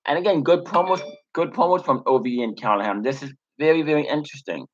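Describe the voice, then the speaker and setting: A man's voice: fairly high pitch, fast talker, lo-fi sound. A young man casually recapping a wrestling show, rambling with many fillers and restarts. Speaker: wrestling reviewer.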